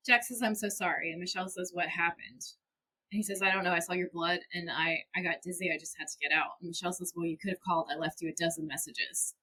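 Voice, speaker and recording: A woman's voice: lowish voice, steady tone, fast talker, bright, forceful tone, breathy edge, rough recording. A young woman co-hosting a podcast, animatedly retelling scenes and quoting the characters in her own voice. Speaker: podcast co-host. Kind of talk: casual recap chat.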